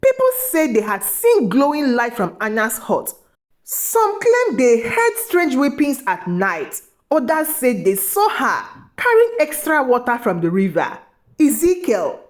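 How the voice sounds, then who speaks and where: A woman reading a fantasy story aloud in an expressive, dramatic way. Her voice sits fairly high and her pitch rises and falls widely. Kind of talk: scripted story narration.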